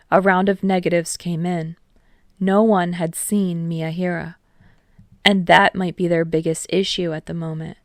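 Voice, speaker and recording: A woman narrates a story in a steady, even reading voice. Her tone sits low with a noticeable gravelly fry. The recording is dry and close with no room sound. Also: no echo. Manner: steady storytelling, voicing all characters. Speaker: podfic reader. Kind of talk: scripted narration.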